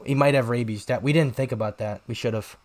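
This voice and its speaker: A man's voice: medium pitch, a little fast, a little hiss or hum. Rambling young man telling a story. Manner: rambling, animated, shouts out quoted lines. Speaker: podcast co-host. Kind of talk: casual storytelling chat.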